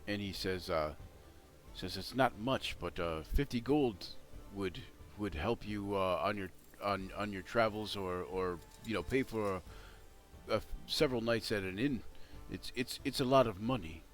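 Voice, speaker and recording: A man narrating as game master of a tabletop game, talking in halting starts with many fillers, with faint music behind. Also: fairly low pitch.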